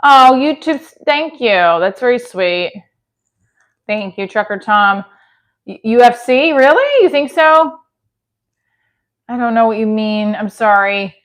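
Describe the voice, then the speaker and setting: A woman's voice: fairly high pitch, lively intonation, slow pace, pauses often. A chatty woman hosts a casual livestream, reading comments aloud and replying off the cuff. Her talk rambles, full of restarts and self-deprecating asides. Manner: chatty, self-deprecating, answers chat mid-sentence with restarts. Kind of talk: rambling casual live chat.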